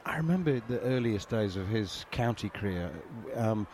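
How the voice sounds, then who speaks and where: A man hosting a casual interview, measured and reciting figures with some hesitations. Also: fairly low pitch, animated, darkish tone, slight background noise. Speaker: host, interviewer.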